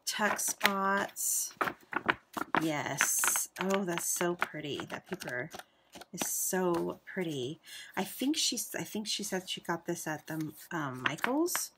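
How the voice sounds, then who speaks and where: A woman hosting a casual craft unboxing, gushing and exclaiming over each item and sometimes dropping to a hushed near-whisper. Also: lowish voice, lively intonation, slow pace, background noise. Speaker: craft channel host.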